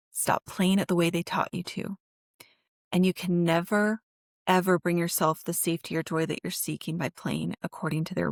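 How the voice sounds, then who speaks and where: A woman's voice: on the low side, creaky, no echo, clean studio sound. A woman therapist hosting her own self-help podcast. She talks directly to the listener in an earnest, encouraging, emotionally open way.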